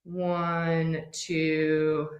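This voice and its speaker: A woman's voice: low-pitched, level tone, very slow, highs cut off. A woman, hosting a live-streamed quilting lesson in a chatty, upbeat way and walking viewers through each step. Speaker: quilting teacher and host.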